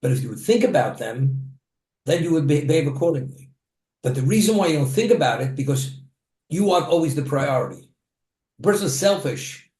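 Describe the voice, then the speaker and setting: A man's voice: on the high side, darkish tone, echoey room. A man delivering a plain-spoken sermon, telling a story from his own life with the occasional restart.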